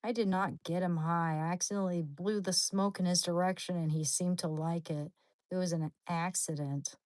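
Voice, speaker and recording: A woman hosting a livestream, chatting casually with viewers in a rambling, animated, slangy way, with sudden high squeals. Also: normal speed, dry recording. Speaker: livestream host.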